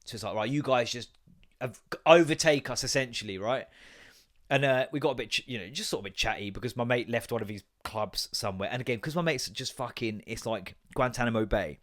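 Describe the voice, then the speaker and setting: A man's voice: medium pitch, fast talker, a bit bright. Sweary man rambling through stories. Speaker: podcast host. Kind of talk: casual comedic monologue.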